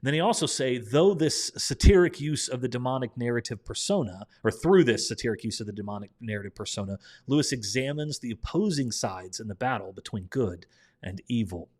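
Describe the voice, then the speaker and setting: A man's voice: medium pitch, animated, a little fast, darkish tone. A young man with a Midwestern American accent leads a live-streamed Bible study. He talks in a chatty, upbeat way, with plenty of ums and uhs and a voice in the middle of the male range. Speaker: Bible class teacher.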